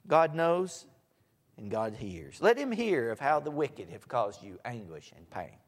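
A man preaching a sermon, swinging from soft asides to loud, emphatic lines. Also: medium pitch, very animated, measured pace. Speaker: pastor. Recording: echoey hall.

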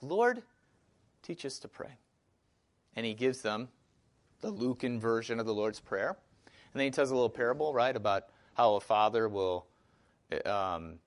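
A man's voice: mid-range voice, a bit bright. Wisconsin man teaching a Bible class. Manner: conversational, many fillers and restarts, asks the class questions.

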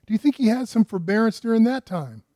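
Higher-voiced man preaching a casual sermon. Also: expressive, quick pace, mellow, no echo, clean studio sound. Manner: asks the listeners rhetorical questions; repeats words and restarts phrases. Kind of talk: conversational sermon.

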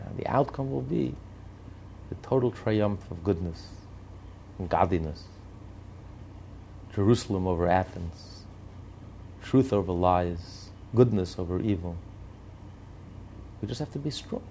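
A man's voice: low voice, expressive, unhurried, vocal fry, long pauses, dark tone. Man, emphatic political commentary, repeating phrases, slight hiss behind. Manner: emphatic, repetitive rhetorical lists.

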